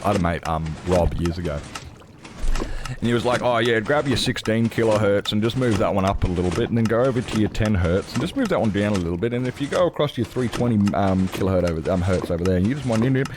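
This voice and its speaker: A man's voice: low-pitched, background noise. A man streaming, chatting casually with viewers, rambling and correcting himself, swearing freely. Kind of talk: casual chat with live chat.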